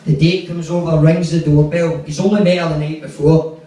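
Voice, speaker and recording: A man's voice: fairly high pitch, level tone, normal speed, warm tone. A young man doing stand-up, telling a rambling, sweary story and acting out the quotes. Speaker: stand-up comedian. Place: comedy club stage. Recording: echoey room from far off.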